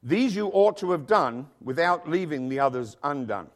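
A man's voice: fairly high pitch, expressive, moderate pace. Emphatic middle-aged male preacher. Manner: emphatic preaching with rhetorical questions. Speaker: pastor. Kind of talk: sermon. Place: church with congregation and children.

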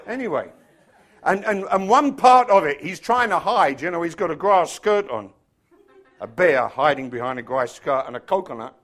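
Middle-aged English man, pastor, casual joking sermon, slightly higher voice, mimics others for laughs. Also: animated, normal speed, a bit bright. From England. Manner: chatty, joking with the congregation, bursts of mimicry.

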